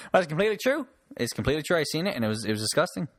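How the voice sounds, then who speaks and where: A man from Newfoundland talks loosely and profanely on his own podcast, joking his way from one tangent to the next. His pitch swings widely as he rants. The sound is dry and close, with no room around it. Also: big pitch swings, very fast, no room sound. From Newfoundland, Canada. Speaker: podcast host and stand-up comic. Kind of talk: casual solo podcast rant.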